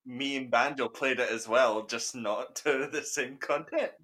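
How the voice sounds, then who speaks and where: Brief: mid-pitched man, bright tone, wry teasing podcast co-host. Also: a little slow. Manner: dry, teasing. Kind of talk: casual gaming podcast chat.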